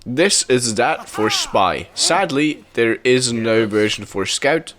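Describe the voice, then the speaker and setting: A young man gives casual, chatty commentary with plenty of enthusiasm. His voice sits at an ordinary middle pitch for a man. He laughs easily. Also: animated, slow. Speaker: video game YouTuber.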